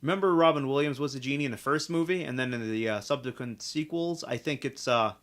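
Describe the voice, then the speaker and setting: A man's voice: medium pitch, fast, fairly bright tone. A man co-hosting a comedy podcast, chatting casually in a crude, profane, dismissive way. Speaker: podcast co-host.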